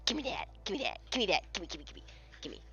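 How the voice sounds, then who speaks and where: A woman's voice: medium pitch, sing-song, very fast, bright, forceful tone, breathy edge, dry recording, in a whisper, dull audio. A woman streamer chatting casually on a live stream, swearing freely and cooing baby talk at her dogs.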